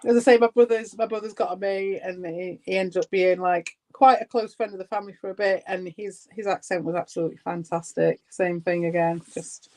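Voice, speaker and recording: A man's voice: sits high, steady tone, fairly quick, hardly any pauses, darkish tone, low-quality recording. Chatty enthusiastic man. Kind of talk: casual chat.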